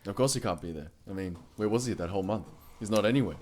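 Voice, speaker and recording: A man's voice: on the low side, fast talker, a crowd in the background. A man co-hosting a tabletop game podcast, recapping the session in a laid-back way with lots of fillers. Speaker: player, co-host. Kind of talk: casual podcast chat.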